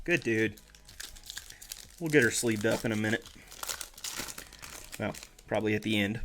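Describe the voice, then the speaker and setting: This streamer's voice is on the low side and unhurried, with background noise in the clip. He casually opens trading card packs live, reading each name aloud while joking and correcting himself.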